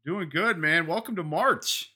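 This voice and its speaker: A man co-hosting a sports podcast, jokey and animated in casual back-and-forth banter. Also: fairly high pitch, breathy edge. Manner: animated, jokey, quick to laugh along. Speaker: podcast co-host.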